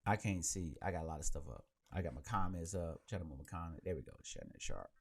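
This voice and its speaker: A man's voice: deep voice, fast. A man hosting a podcast live, chatting casually and rambling, speaking into a handheld mic. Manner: animated and rambling, with many restarts. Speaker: podcast host. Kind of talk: casual chat on a live stream.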